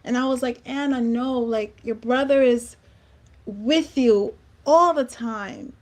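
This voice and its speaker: A woman host with a fairly high voice talks in an earnest, heartfelt way. She presses her points with emphasis and often repeats words mid-sentence. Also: takes it slowly. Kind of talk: heartfelt conversational talk.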